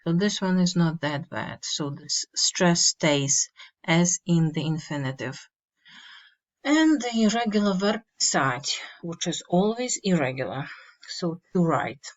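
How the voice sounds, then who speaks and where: A woman teaching a slow, step-by-step grammar lesson, repeating each word and giving its meaning. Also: on the low side, animated. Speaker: language teacher. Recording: dull lo-fi mic.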